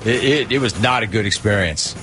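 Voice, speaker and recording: A man's voice: lowish voice, brisk, a bit bright, faint music behind. A man hosting a radio show, telling a story in a chatty, wry, self-deprecating way. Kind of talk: casual storytelling monologue.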